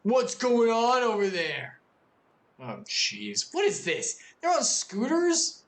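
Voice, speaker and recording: A woman's voice: on the high side, wildly swooping pitch, slow pace, echoey room. A young adult woman streaming a game playthrough, reacting expressively and reading dialogue aloud.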